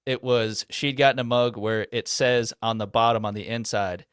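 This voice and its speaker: A man's voice: mid-range voice, steady tone, moderate pace, fairly bright tone, clean tone, no room sound, clean studio sound. A man who is a podcast guest in a casual chat, telling a story with self-deprecating humor. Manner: self-deprecating, laughs at himself.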